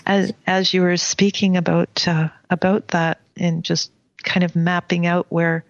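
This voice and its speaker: A woman telling a personal spiritual story in a soft, unhurried way during a conversation. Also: lowish voice, flat delivery, vocal fry, dry recording, dull audio.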